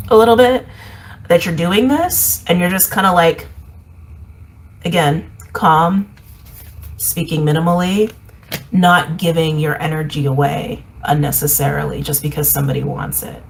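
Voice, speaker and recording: A woman giving a casual intuitive reading, meandering and repeating herself, reflective with soft laughs. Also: lowish voice, moderate pace, vocal fry, long pauses, a little hiss or hum, low-quality recording. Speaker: intuitive reader.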